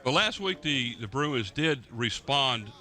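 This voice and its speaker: A man announcing a local high school football game, reading sponsor spots and giving lively commentary. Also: a little slow. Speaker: play-by-play announcer. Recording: local cable broadcast with music behind.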